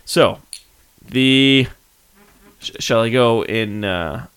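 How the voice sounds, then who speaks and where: A man hosting a casual podcast, talking quickly and insistently and laughing easily. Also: medium pitch, a bit bright, clean tone. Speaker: podcast host.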